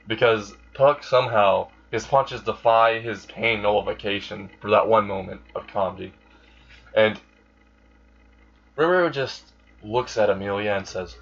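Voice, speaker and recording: This man's voice is lowish and a little slow, broken by long pauses. He improvises fan fiction aloud, wandering through it with filler words and self-corrections, and the recording sounds dull and lo-fi.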